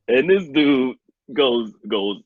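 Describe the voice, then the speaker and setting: A man's voice: medium pitch, slight background noise. Laughing man telling camp stories. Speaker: former camp director. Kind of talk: casual storytelling chat. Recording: dull lo-fi audio.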